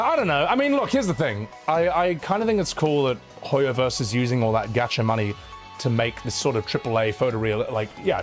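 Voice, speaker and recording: Sarcastic male streamer, lively swooping delivery, slightly high voice, light music under him. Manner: animated, sarcastic, swears, says "man" a lot. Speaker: streamer reading super chats. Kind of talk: casual live-stream chat.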